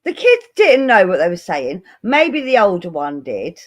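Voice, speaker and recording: A woman's voice: medium pitch, big pitch swings, normal speed, dry recording. Blunt woman, dry close sound. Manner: blunt and teasing, swears. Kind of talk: casual chat.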